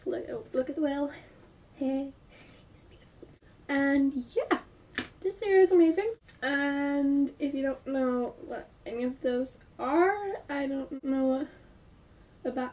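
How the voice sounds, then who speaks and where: A woman with a high, dark-toned voice, congested from a cold, chatting excitedly about books. She rambles with plenty of filler words, and she sits a bit back from the microphone. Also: far from the mic, a little hiss or hum. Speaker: book vlogger. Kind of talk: casual book review chat.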